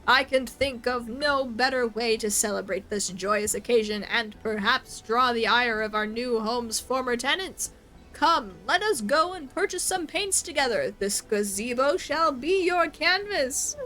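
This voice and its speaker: A woman voicing a pompous, flamboyant gentleman inspector in a game, speaking in a theatrical, grandiloquent way. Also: a little high, measured pace, rough recording. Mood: grandiose.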